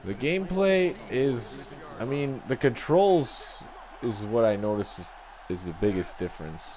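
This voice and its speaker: A man with a Chicago accent commentating casually as he plays a football video game, chatty and relaxed as he reacts to plays and viewers. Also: mid-range voice, a little slow, crowd noise. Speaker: gaming channel host.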